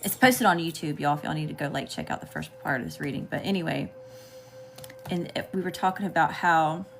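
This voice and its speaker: With soft music playing, a woman with a deep, gravelly voice and a Southern US accent talks briskly through a live tarot reading. She keeps it casual and chatty, checking in with viewers via "okay?" and greeting the chat.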